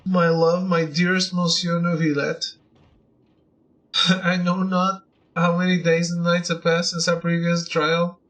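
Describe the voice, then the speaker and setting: A man reading as a swooning, obsessive woman admirer from a video game, pouring out florid, old-fashioned lines of devotion. The delivery is overwrought and theatrical, and it sits high for a man's voice. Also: little pitch movement, a little slow, a bit bright, low-quality recording. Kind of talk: reading a letter aloud from a game.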